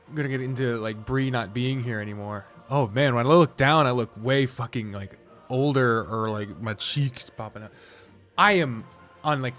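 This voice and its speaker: Rambling, foul-mouthed male streamer. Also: medium pitch. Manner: rambling, swears freely, jumps between topics. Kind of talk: casual live-stream commentary while gaming.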